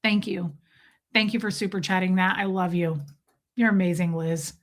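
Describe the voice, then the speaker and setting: A woman in her forties hosting a casual livestream, telling stories in an animated way and reading viewer comments aloud. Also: fairly low pitch, normal speed. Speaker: livestream host.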